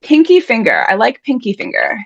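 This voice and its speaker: A woman's voice: a little high, huge pitch swings, moderate pace, vocal fry, husky, no echo, muffled recording. Chatty woman hosting a word game. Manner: chatty, playful, self-deprecating. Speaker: host and emcee of an online writers' event. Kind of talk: casual live-stream game hosting.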